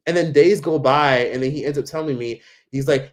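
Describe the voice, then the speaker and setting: A man's voice: fairly high pitch, a little fast, few pauses. A man telling a travel story in a casual, rambling way, full of fillers and swearing. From United States. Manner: rambling, heavy on fillers and profanity. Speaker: travel vlogger.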